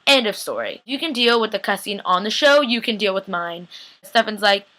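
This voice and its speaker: A woman's voice: medium pitch, very animated, moderate pace, pushed and bright. A young woman casually recapping a TV episode, gushing and chatty, acting out characters' lines as she goes. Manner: gushing, chatty, quotes characters in bits of voices. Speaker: TV recap vlogger.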